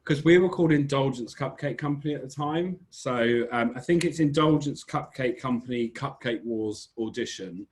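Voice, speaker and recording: A small business owner from Britain, with an English accent, talks as a guest in a relaxed podcast interview. His mid-range voice moves at normal speed with few pauses as he tells rambling stories, correcting himself as he goes.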